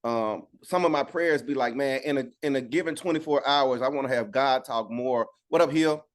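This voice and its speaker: A man's voice: mid-range voice, moderate pace. Preacher man teaching casually online. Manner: conversational, repeats "right?" for agreement. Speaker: Bible study teacher. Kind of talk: informal online Bible study teaching. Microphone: video call.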